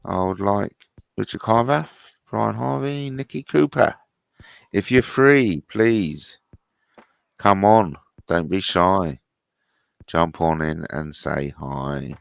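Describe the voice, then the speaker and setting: A man's voice: sits low, takes it slowly, creaky, clear, resonant tone, no room sound, studio quality. A man hosting a casual livestream, chatting in blunt banter with some swearing, reading out viewers' comments and answering them. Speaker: livestream host.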